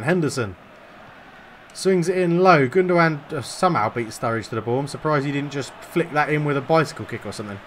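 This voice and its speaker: A young man commentating over his own football video game, excitable and swearing when frustrated, swinging from low muttering to shouts. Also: a little hiss or hum. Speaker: gaming YouTuber commentating his own match.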